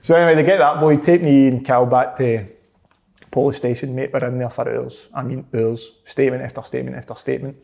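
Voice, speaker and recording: With a creaky, medium-pitched voice and a slightly fast pace, a man with a Scottish accent shares a story in easygoing chat. He laughs often, stays animated, and plays out what people said.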